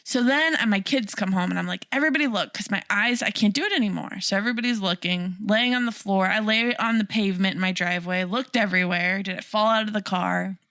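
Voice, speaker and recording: Podcast co-host, woman in her thirties, gravelly, dry close sound, lively storyteller. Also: medium pitch, a little fast, few pauses, dry recording. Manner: animated, laughing storyteller. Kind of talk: casual chat, storytelling.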